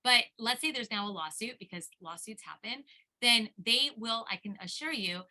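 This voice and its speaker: Speaking at a seminar, this middle-aged woman attorney in elder law sounds bright and forceful, with a fairly high pitch and moderate pace. Her impassioned story keeps restarting and circling back over the same words.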